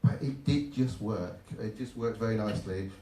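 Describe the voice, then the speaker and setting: A middle-aged man speaking on a live panel as a game developer, relaxed and reminiscing, sometimes repeating a word as he starts a thought. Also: on the low side, normal speed. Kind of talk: live panel talk to an audience. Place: event hall at a game arcade. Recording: echoey hall, voice from far off.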